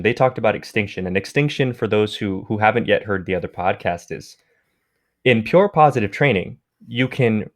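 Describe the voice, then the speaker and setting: Male podcast co-host explaining dog training. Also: fairly low pitch. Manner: conversational, steady explaining.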